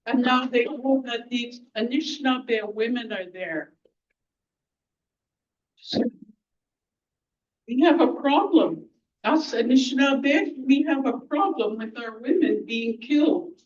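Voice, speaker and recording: A woman speaks at a community gathering in a blunt, angry, outspoken way, talking slowly and stopping often to hunt for the right word. She is heard from some distance, and the recording sounds dull and low-fidelity. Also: animated, darkish tone. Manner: halting, searching for words. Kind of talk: impromptu public speech. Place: community event hall.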